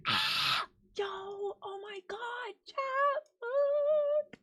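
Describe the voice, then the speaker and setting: A woman streamer chatting casually to her viewers, gushing and excitable. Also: very high-pitched, extremely slow. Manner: gushing and excitable, talks to chat. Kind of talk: casual live-stream chat.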